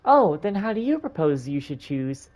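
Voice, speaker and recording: A man's voice: fairly high pitch, very animated, normal speed, a little mellow, pitched above the performer's own voice. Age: child. Figure: a man voicing a chirpy little girl. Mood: bright, eager. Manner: chirpy and polite. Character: young girl, eager piano student.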